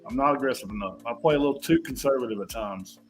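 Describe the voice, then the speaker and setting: A man with a Southern accent from Virginia, a poker player guest talking in a relaxed, laid-back, somewhat halting way. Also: mid-range voice, faint music behind. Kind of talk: casual chat.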